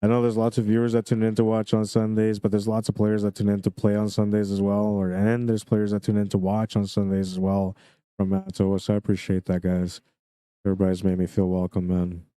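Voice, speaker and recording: A man with a Canadian accent giving relaxed, chatty live commentary on a pool match and greeting viewers by name. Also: lowish voice, fairly quick, clear, resonant tone, no echo.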